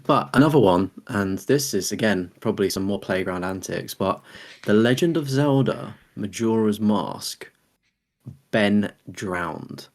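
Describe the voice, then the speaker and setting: A man's voice: on the low side, expressive, a little slow. A young man, co-hosting a casual podcast in a rambling, chatty way. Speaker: podcast co-host.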